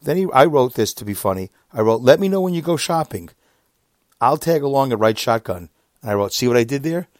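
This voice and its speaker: A man in his fifties, a podcaster, telling a long casual story about an online argument, exasperated and animated, his voice often jumping up high. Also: a little fast, no room sound, clean studio sound. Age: 50s. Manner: animated, exasperated, with sudden jumps up in pitch; reads out messages.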